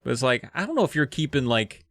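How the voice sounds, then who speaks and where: Lively man loosely retelling a story. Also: mid-range voice, fast, no echo, studio quality. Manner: loose retelling with fillers and swearing. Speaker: podcast co-host. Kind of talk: casual comedic plot recap.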